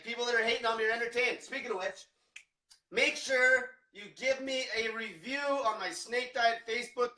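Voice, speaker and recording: Brash high-voiced man ranting profanely. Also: pushed and bright, far from the mic. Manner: brash, swears constantly, combative. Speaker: diet coach. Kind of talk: profane livestream rant. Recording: echoey room, away from mic.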